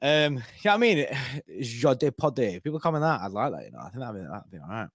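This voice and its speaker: A young man chats casually on a live stream, breaking into animated bursts and frequent laughs. His pitch sits mid-range. The recording is dry and close. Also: fast talker, no room sound. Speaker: co-host of fan live stream. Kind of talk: casual chat.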